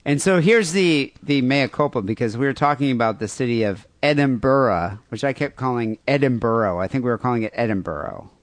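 A man's voice: mid-range voice, lively intonation, a little fast, few pauses, dry recording. A man co-hosting a crude podcast, reading listener emails and rambling sarcastically. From United States. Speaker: podcast co-host.

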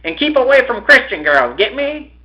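A man's voice: very high voice, very animated, moderate pace, dull audio, pitched above the performer's own voice. A man voicing a bossy, scornful big boy from a street gang.

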